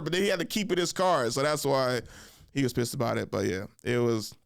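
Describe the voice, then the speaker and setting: A man's voice: on the high side, a little fast, vocal fry, fairly bright tone. A young adult man hosting his own podcast, telling loose, rambling stories full of fillers and laughing at himself. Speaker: podcast host. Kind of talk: casual storytelling monologue.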